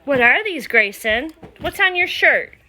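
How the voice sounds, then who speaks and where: Lady vlogging at home, high bright voice, slow sing-song baby talk to a toddler. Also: sing-song. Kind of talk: casual home vlog. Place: home indoors.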